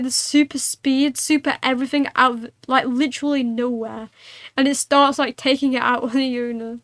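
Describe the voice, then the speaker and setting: Bright, high-voiced playful woman streamer. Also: steady tone, normal speed, no echo, studio quality. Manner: giggly, playful, meows between lines. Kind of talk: game commentary and reading aloud.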